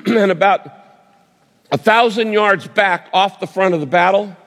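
Higher-voiced male preacher in a reverberant hall. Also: fairly bright tone. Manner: vivid storytelling with pauses and restarts. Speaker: pastor. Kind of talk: sermon.

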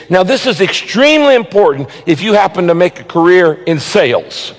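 This pastor's somewhat high, sing-song voice drives points home through repetition as he preaches his sermon with emphasis. Whenever he reads a Bible verse, he deliberately slows down, and his words fade into a long echo like a big church auditorium.

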